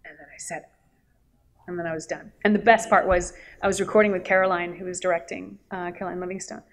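A woman voice actress on a convention panel, telling animated stories and acting out quotes with a laugh. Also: fairly low pitch, fast talker. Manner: lively, acts out quotes and laughs often. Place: convention hall.

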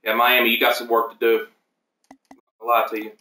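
A man's voice: medium pitch, monotone, fairly quick, pushed and bright, recorded from a distance. A man hosting a casual livestream, rambling through team lineups with many fillers and self-corrections. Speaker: league host reviewing team depth charts. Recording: echoey room, voice off the mic.

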